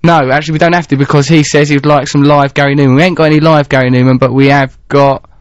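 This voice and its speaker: A man in his thirties hosts a radio show from a studio, chatting casually in a playful, rambling, theatrical manner. His voice is fairly high and level in tone, he talks quickly, and the broadcast sounds dry and slightly dull with no echo.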